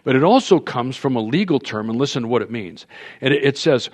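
A man preaching a sermon as a pastor, telling a story and explaining scripture in an animated way. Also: mid-range voice, brisk. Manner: storytelling, animated with quoted voices.

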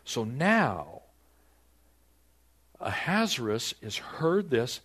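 A man's voice: medium pitch, very animated, drawn-out words, a bit bright, slightly rough. A man preaching a Bible-teaching sermon, asking rhetorical questions and dramatizing the text.

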